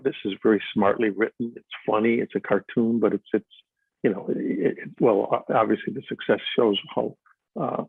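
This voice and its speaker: A husky, breathy-voiced older man rambles through stories in a live interview, restarting his sentences and stacking up fillers. The sound is tinny and phone-like, and dry, with no room echo. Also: mid-range voice. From Chicago. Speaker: actor being interviewed. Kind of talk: live stage interview, storytelling.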